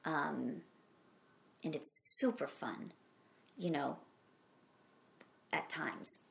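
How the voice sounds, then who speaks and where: A woman's voice: deep voice, drawn-out words, vocal fry, a little hiss or hum. A middle-aged woman with a Midwestern accent, an actor answering interview questions in an earnest, rambling way with many restarts. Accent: Midwestern American. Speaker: actor guest. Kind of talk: conversational interview. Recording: echoey room.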